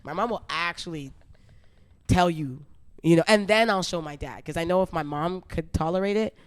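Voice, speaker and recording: A woman's voice: lowish voice, normal speed, dry recording. A young woman from Canada, a musician, chatting playfully and animatedly as an interview guest. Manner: playful, animated, laughs often. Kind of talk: casual interview chat.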